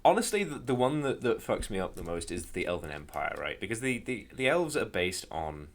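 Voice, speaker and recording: A man's voice: fairly low pitch, very animated, brisk. A man co-hosting a casual podcast about running tabletop games, rambling and wry, swearing casually. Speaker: podcast co-host and game master.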